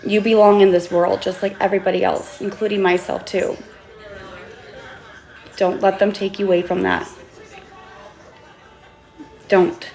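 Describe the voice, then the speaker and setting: A woman vlogging an impassioned, tearful monologue as an author, pleading earnestly and sometimes swearing, with halting restarts. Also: mid-range voice, little pitch movement, vocal fry, a little mellow. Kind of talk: emotional vlog monologue.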